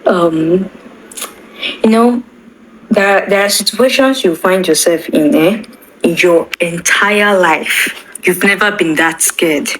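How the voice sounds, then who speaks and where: A young woman tells an emotional personal story, halting and often repeating her words. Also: lowish voice, fairly bright tone, slight background noise, rough recording. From Nigeria. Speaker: bereaved daughter.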